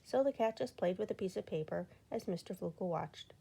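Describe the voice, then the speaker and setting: A woman reading a children's storybook aloud with expressive storytelling emphasis. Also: on the low side, fairly quick, vocal fry, husky. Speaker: storybook reader.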